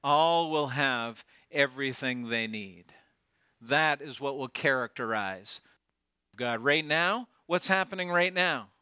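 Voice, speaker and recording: A man preaching a sermon, swinging from loud declarations down to near whispers and putting rhetorical questions to his congregation. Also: mid-range voice, takes it slowly, clean tone, no echo, studio quality. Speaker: pastor.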